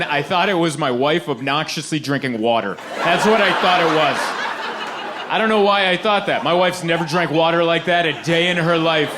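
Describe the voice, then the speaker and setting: A man doing a stand-up comedy set on stage, animated and laughing often as he acts out little scenes. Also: on the high side, noisy background. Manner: animated, laughing often, acting out quoted voices. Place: live comedy venue with audience.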